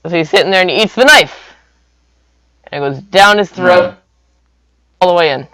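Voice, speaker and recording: A man's voice: high-pitched, normal speed, pushed and bright, dry recording, low-quality recording. A young man rambling through an improvised comic story, full of silly sound effects.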